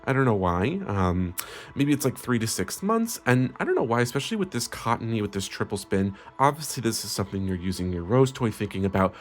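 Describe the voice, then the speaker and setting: A man's voice: on the low side, very animated, fairly quick. A man hosting a comedic parody tarot reading, sugary and melodramatic with frequent swearing. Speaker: tarot reader host.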